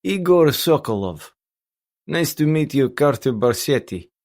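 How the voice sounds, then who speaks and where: A man's voice: a little high, lively intonation, measured pace, darkish tone, pitched above the performer's own voice. A man voicing a cold, pragmatic Russian crime boss who speaks in a restrained, unemotional way, with a heavy Russian accent.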